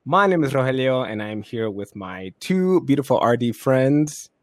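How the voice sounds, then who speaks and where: A man hosting a casual podcast chat, laid-back and quick to laugh, with plenty of fillers. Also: mid-range voice, big pitch swings, dry recording, studio quality. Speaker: podcast host.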